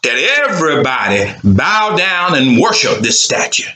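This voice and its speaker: A man's voice: on the high side, very animated, unhurried, roomy sound, very noisy, pitched below the performer's own voice. A man voicing jealous royal officials who tattle to the king. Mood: scheming. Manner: tattling, wheedling.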